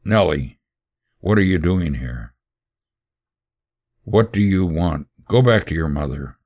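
A man's voice: low-pitched, animated, slow, a little mellow, exaggerated voice. A man voicing an angry imprisoned father who snaps out his words harshly. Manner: snapping, harsh.

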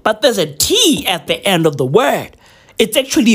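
A man's voice: sits high, sing-song, normal speed, a bit bright, breathy edge. A young man vlogging a profane, rambling, mock-serious rant at home, peppering it with slang. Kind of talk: casual rant to camera. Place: indoors at home at New Year.

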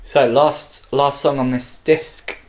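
A man's voice: mid-range voice, level tone, slow. A man giving thoughtful, reflective commentary in a casual music chat. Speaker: podcast co-host reviewing songs.

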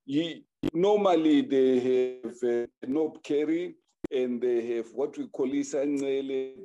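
A man's voice: medium pitch, dark tone. A man telling a folk tale aloud, acting out the characters with animation. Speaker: storyteller. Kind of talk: oral folk storytelling.

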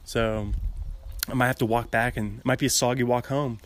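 Pacing an outdoor gazebo as a light drizzle falls, a young man hosts a meandering solo podcast chat, laughing a lot and interrupting himself while he walks and talks. His voice is medium in pitch, steady in tone, and moderately paced.

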